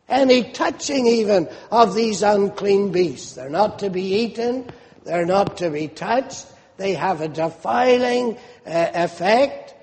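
Slow high-voiced preacher in an echoey hall. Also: male voice, vocal fry. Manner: slow, emphatic, rising to animated questions. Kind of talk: sermon.

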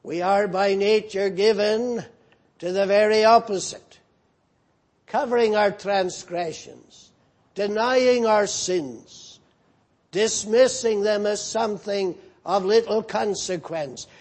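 A man preaching an evening sermon, earnest and solemn, swinging from emphatic lines to hushed ones. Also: high voice, slow.

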